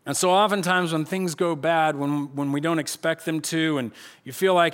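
Animated man preaching a sermon. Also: fairly high pitch, measured pace. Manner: animated storytelling, acting out voices of the people. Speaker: pastor. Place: church stage.

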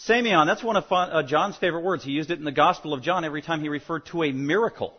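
A man preaching an expository sermon as pastor, emphatic and surging louder on key words. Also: on the high side, animated, brisk, breathy edge. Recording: muffled lo-fi sermon recording.

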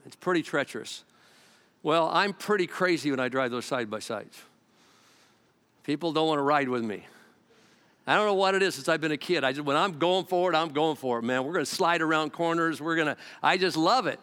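A man's voice: a little high, brisk, clear, resonant tone. A man preaching a sermon, telling stories with energy and acting out the quotes in different voices. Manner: animated storytelling, acting out quotes in varied voices. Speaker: pastor. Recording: long hall reverb.

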